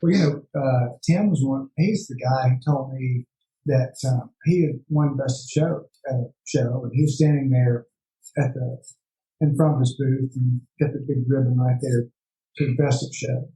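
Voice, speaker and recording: A man being interviewed as a guest artist, telling stories in a relaxed way with hesitant restarts. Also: medium pitch, moderate pace, echoey room, rough recording. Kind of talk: casual interview chat.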